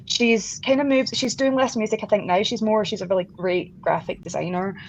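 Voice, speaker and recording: A woman's voice: medium pitch, fairly quick. A woman guest musician in a casual interview, chatting with frequent laughs, fillers and restarts. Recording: dull lo-fi sound with faint background noise.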